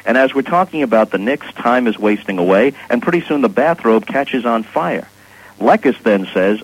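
Heard over a radio broadcast in poor audio, a middle-aged sportscaster guest tells stories and offers opinions in a casual interview chat, articulate and dryly humorous. His medium-pitched voice is expressive and slightly rough, at a moderate pace.

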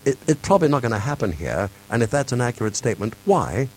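A man's voice: medium pitch, big pitch swings, a little mellow, slight background noise, rough recording. Man, show host, casual interview, teasing, mid-range voice. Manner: joking, quick with prompts.

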